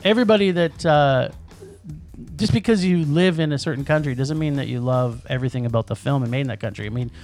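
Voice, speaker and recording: A man co-hosting a podcast, ranting about movies in an animated way and laughing often. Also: mid-range voice, quick pace, soft background music. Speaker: podcast co-host. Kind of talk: casual podcast movie rant.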